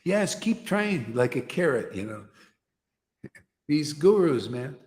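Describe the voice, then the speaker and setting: A man putting on a high, sing-song guru voice that cajoles and dangles rules like a carrot. The voice rings out with a long hall reverb behind it. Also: sing-song, slow, darkish tone. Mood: mocking. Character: preachy male guru dangling endless rules.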